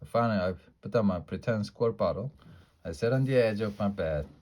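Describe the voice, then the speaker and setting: A man with a fairly low voice reads a children's book aloud. He keeps it lively and playful. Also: brisk. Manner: lively, playful character voices in a child's first-person story. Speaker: storybook reader.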